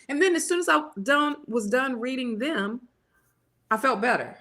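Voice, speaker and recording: A woman reading tarot and hosting a casual live chat, lively and laughing often, sniffly with a cold. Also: sits high, normal speed. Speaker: tarot reader and show host.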